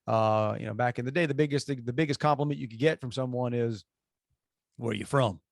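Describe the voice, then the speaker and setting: Man, Cajun accent, gravelly, dry close sound, folksy podcast banter. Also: mid-range voice, a little fast, no echo. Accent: Cajun Louisiana. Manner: joking, folksy, talks in bursts. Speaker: podcast co-host. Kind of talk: casual chat.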